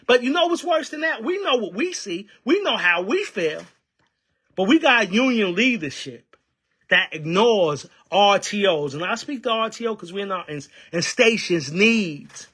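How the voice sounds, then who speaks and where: Fiery New man, bright husky voice. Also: extremely high pitch. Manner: fiery, preacherly, rhetorical questions. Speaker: union member and activist. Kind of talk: impassioned political commentary.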